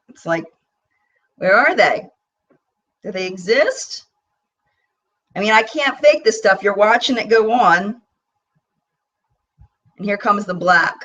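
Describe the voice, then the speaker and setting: A woman hosting a casual live-stream about makeup, talking in a chatty, animated way with bursts of mock disbelief as she swatches products. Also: mid-range voice, recorded from a distance, poor audio. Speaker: beauty vlogger hosting a live chat.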